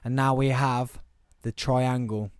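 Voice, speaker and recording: A man's voice: medium pitch, steady tone, slow pace. A young British man hosting a casual podcast, chatty and giggly, a little tipsy, joking with his friends in a small studio. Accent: British English. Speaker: podcast host. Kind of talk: casual chat. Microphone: headphones and studio mic.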